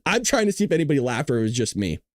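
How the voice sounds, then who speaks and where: A male commentator on a live stream whose pitch bounces around animatedly as he jokes and laughs. His tone is sarcastic and teasing, and the sound is dry and close with little room around it. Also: very animated, fast, no echo. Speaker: host of a political commentary livestream. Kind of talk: casual live political commentary.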